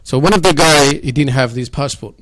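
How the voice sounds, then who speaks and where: A man chatting as a guest on a radio talk, telling stories in an informal, halting way. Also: medium pitch, fairly bright tone. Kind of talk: casual radio conversation.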